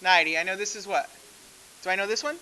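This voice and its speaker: A man's voice: sits high, fast, pushed and bright, poor audio. A man teaching a math class, talking conversationally and asking the class frequent questions. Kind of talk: classroom lecture.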